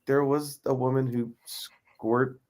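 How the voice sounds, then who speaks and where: A man from Western Pennsylvania chats with a friend in a loose, rambling way. He hesitates and fills the gaps. His voice sits at a middle pitch. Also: flat delivery, slow pace, darkish tone, slight background noise. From Western Pennsylvania, United States. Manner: rambling, hesitant, uses lots of fillers. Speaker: co-host friend. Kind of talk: casual conversation.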